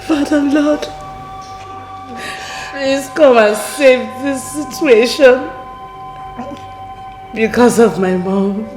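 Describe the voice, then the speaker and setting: A tearful, soothing daughter. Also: female voice, sits high, drawn-out words, long pauses, low-quality recording. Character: distressed young woman comforting her mother. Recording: music playing behind.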